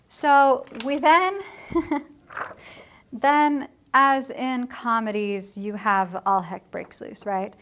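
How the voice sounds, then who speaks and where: A woman teacher giving a chatty, joking plot summary for her students, slipping into quick character voices. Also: fairly high pitch.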